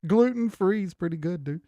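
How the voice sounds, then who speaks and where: An older man hosts a crypto livestream, reading viewer comments aloud in loose, profane chatter. His voice sits high and a bit mellow, with a faint hiss or hum underneath.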